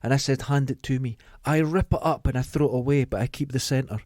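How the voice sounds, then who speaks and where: A man's voice: mid-range voice, a little fast, no room sound, clean studio sound. A middle-aged Scottish man on a podcast, telling stories in casual chat and acting out what people said. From Scotland. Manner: animated storyteller acting out quotes. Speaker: podcast host.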